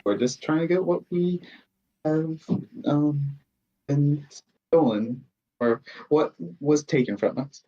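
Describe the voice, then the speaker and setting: A player speaking calmly in character, a little halting. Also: medium pitch, muffled recording. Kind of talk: tabletop game play.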